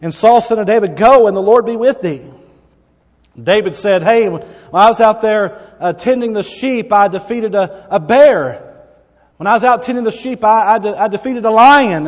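High-voiced preacher in a reverberant hall. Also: male voice. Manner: dramatic Bible reading with asides. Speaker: pastor. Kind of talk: sermon.

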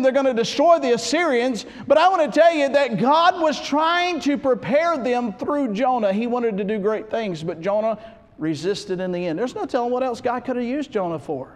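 A man preaching a sermon in a church, swinging from hushed to loud and often restarting his sentences. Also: very high voice, long reverb tail. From United States. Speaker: pastor.

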